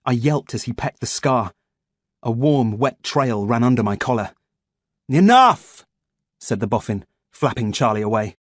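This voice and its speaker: A man narrating an audiobook in a steady, measured storytelling manner. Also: medium pitch, no echo, clean studio sound.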